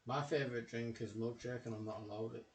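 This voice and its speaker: A man chatting casually off to the side of a live stream, joking and relaxed. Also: medium pitch, fast. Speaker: streamer's husband. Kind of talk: casual chat. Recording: echoey room off the main mic.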